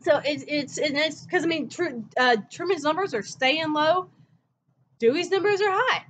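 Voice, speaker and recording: A woman's voice: high voice, moderate pace, a bit bright, a little hiss or hum. A woman history teacher giving a casual recorded lecture at home, telling the story in a chatty way and acting out quotes. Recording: dull lo-fi recording.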